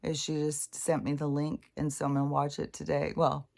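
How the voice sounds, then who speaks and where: A woman's voice: deep voice, completely flat delivery, normal speed, vocal fry, a little mellow. A middle-aged woman talking in a rambling, casual monologue, swearing freely, laughing often and trailing off mid-thought. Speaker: spiritual vlogger.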